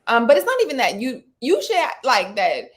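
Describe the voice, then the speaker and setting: A woman co-hosts a live talk show in a relaxed, chatty way. She talks with animation, throws in slang and quick asides, and keeps an easy conversational flow. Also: on the high side. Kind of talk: casual chat.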